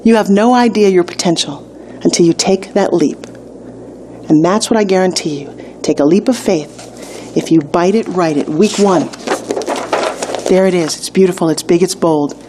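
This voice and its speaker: A middle-aged woman giving a motivational video lesson on a weight-loss course, upbeat and emphatic, telling stories with quick asides. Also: mid-range voice, a little mellow, slight background noise.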